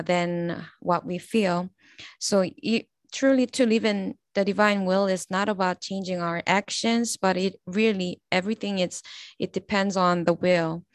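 Halting woman sharing a faith reflection. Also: fairly low pitch, no room sound. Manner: halting, with many fillers and restarts. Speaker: prayer group member sharing a meditation. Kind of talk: spoken faith reflection with a read excerpt.

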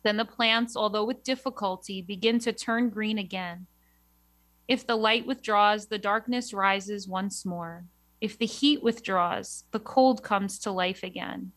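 A woman from New York, a religious sister, chatting with a laugh and then reading aloud in a measured devotional way. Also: mid-range voice, a bit bright, dry recording.

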